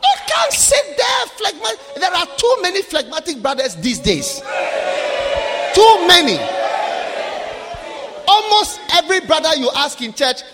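A man preaching a sermon, shouting and acting out Bible characters in an echoey hall with a crowd. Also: very high-pitched, big pitch swings, moderate pace, few pauses.

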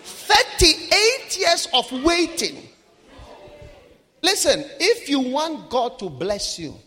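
A man preaching a sermon, shouting and acting out Bible characters in an echoey hall with a crowd. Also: very high-pitched.

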